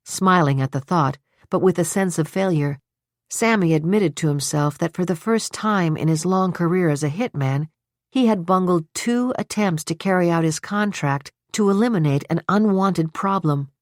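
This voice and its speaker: Low-voiced woman narrating a suspense novel. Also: no echo, clean studio sound. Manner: even, measured storytelling with voiced dialogue. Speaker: audiobook narrator. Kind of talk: scripted narration.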